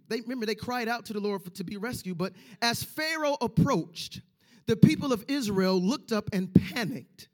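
A man with a strikingly high voice delivers a sermon. He talks emphatically, repeats key lines for stress and slips into the voices of the people he quotes. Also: moderate pace, a little mellow. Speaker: preacher.

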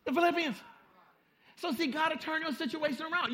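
A man from Southern California preaching with a high, bright, ringing voice. He hammers home repeated phrases, drops to a near hush and then swells loud, all in a folksy, street-style preaching manner. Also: a little fast. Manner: emphatic, repeats phrases for effect, swings from hushed to loud. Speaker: pastor. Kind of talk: sermon.

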